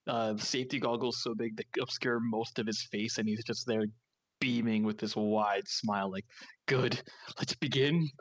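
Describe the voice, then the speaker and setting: A man's voice: medium pitch, steady tone, normal speed, highs cut off. A man playing a tabletop game, speaking in character as a pompous, easily flustered scientist. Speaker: player.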